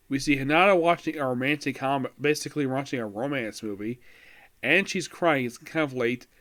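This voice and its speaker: A man's voice: a little high, a bit bright. Rambling man reviewing an anime. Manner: rambling, many fillers and restarts. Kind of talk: casual commentary.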